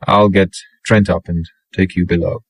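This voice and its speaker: A man reading an audiobook, voicing a steady, dry-humored naval petty officer who speaks mildly and wryly. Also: low-pitched, normal speed, no room sound, low-quality recording. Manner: mild, wry.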